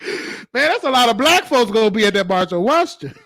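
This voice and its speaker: A man hosting a casual live-stream chat, animated and joking with frequent laughter, his voice worn from talking. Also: extremely high pitch, brisk, gravelly, no room sound, clean studio sound. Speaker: show host.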